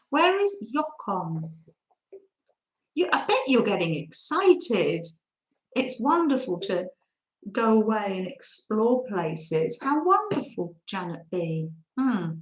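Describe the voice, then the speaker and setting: Animated woman chatting on a livestream. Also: medium pitch, echoey room. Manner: animated, reads out and answers viewer comments; laughs often. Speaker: livestream host.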